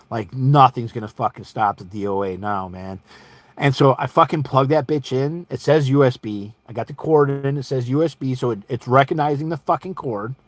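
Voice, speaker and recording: A man's voice: mid-range voice, no room sound. A man telling a profane, rambling story about a gadget that would not work, acting out both sides of the exchange. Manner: heavy swearing, quoting himself and others. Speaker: channel host. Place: lives in an RV.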